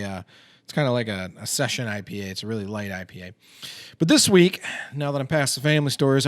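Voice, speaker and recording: A man in his thirties hosts a casual podcast, a chatty storyteller who pokes fun at himself and scatters fillers through his talk. He speaks at a middle pitch. The recording is dry and close, with no room sound. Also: no echo. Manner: chatty storyteller, self-deprecating, frequent fillers. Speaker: podcast host and financial advisor. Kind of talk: casual chat over a beer.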